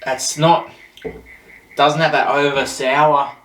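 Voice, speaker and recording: A man's voice: a little high, little pitch movement, takes it slowly, a bit bright, recorded from a distance. Chatty man in an echoey room. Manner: chatty, rambling, jokey. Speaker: host of a beer review show. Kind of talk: casual beer tasting review. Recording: roomy echo, voice off-mic.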